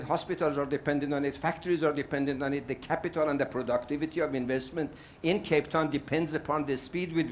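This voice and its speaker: An older man from South Africa makes an impassioned, outspoken case at a summit panel, using repetition for force. His voice sits on the high side with a darkish tone, over slight background noise.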